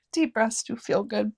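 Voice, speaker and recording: A high-pitched woman talking haltingly in a casual chat. She restarts her sentences often and swears as she speaks. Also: a little mellow, slightly rough. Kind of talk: casual live group chat.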